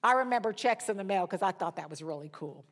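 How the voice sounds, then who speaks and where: An older woman teaches a Bible study in sermon style, telling stories animatedly, laughing along, and acting out the voices of those she quotes. Her voice is mid-range and she speaks fast.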